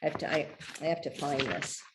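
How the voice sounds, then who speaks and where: A middle-aged woman shares her own story at a book reading in an unscripted, candid way. She pauses often, restarts sentences and leans on fillers. Her talk is hesitant, and she breaks into laughter readily. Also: deep voice, animated, heavy background noise. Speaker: author discussing her memoir.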